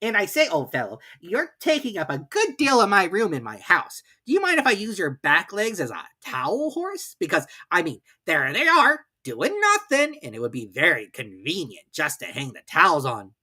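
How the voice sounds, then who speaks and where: A narrator voicing a fussy, prim rabbit in a storybook reading, brisk and matter-of-fact. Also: medium pitch, huge pitch swings, bright, forceful tone, husky, voice pushed up, heavily acted.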